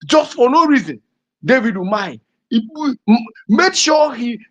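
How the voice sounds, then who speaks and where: A woman from southeastern Nigeria with a Nigerian accent, hosting fiery, emphatic political commentary that rises to shouting. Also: on the high side, big pitch swings, moderate pace. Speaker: host. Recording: dull lo-fi audio.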